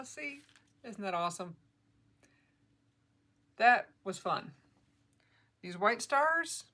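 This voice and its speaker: A chatty middle-aged woman talks through her stitching projects on camera at home. Her voice is bright and forward, and she jokes and laughs her way along. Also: mid-range voice. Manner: chatty, joking, laughs often. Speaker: flosstube vlogger. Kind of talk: casual chat about cross-stitch projects.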